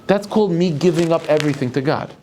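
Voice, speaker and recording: A male rabbi giving a Torah lecture. He talks in halting bursts, restarting and repeating words as he thinks aloud. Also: a little high, a little mellow, slight background noise.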